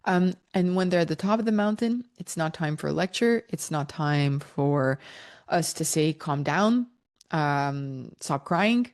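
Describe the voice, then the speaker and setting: A middle-aged woman who teaches parents about child development, talking in an animated way and laughing between points. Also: on the low side, normal speed. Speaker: parenting educator.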